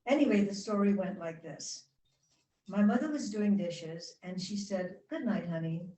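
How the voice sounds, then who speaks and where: A woman giving a spiritual talk to a congregation, guiding them gently and chatting with the audience. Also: mid-range voice, expressive, unhurried, distant mic, slight background noise. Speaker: guest speaker. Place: church hall. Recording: roomy hall sound from off-mic.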